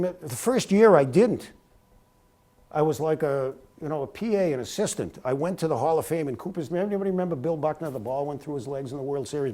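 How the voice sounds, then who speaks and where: A middle-aged man giving an animated talk at a university, telling career stories and sometimes breaking into a sportscaster's cadence. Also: a little high. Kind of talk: motivational talk with anecdotes. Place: lecture hall at a university.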